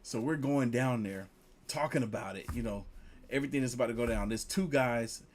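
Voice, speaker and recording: A man telling a casual story, lively, jumping higher when he quotes people. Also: fairly quick, slight background noise. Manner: animated, jumps up in pitch when quoting others.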